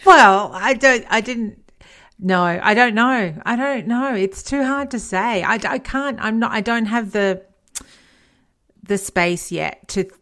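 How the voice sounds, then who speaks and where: A middle-aged woman talking casually as a guest, telling lively stories with hesitant restarts. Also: fairly high pitch, takes it slowly. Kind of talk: casual conversation.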